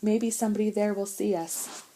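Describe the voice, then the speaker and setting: A woman voicing a scared young boy, the older brother, who shouts urgent commands. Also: medium pitch, fairly even intonation, normal speed, a little hiss or hum, pitched above the performer's own voice, lightly acted.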